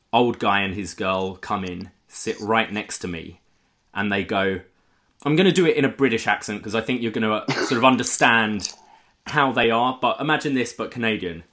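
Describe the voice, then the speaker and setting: A man's voice: fairly low pitch, normal speed. A man hosting a casual podcast, telling stories with energy. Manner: energetic storyteller, lively. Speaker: podcast host.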